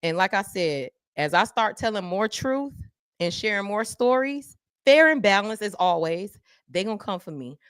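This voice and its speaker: A woman, hosting a live stream and talking straight to her viewers. She swings between fervent, preacher-like calls and low, confiding asides. The sound is dry and close to the mic. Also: moderate pace, smooth, no echo. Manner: animated, preacher-like call and response. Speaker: podcast host.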